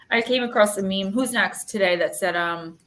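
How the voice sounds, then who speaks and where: On a live stream in an echoey space, a card reader in her thirties rambles through emotional, chatty readings peppered with fillers. Her mid-range voice is fairly bright and moves at a normal speed.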